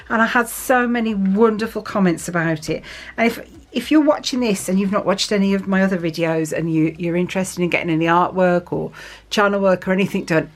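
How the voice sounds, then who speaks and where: A woman chatting casually to viewers as she fills in her planner, often asking them tag questions and laughing. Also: on the low side. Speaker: planner vlogger. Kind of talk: casual chat while journaling.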